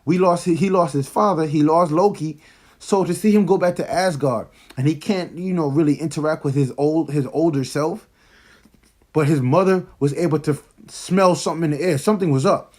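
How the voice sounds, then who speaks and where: Excited slangy man, fairly high voice. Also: moderate pace. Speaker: movie reviewer. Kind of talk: casual spoiler review.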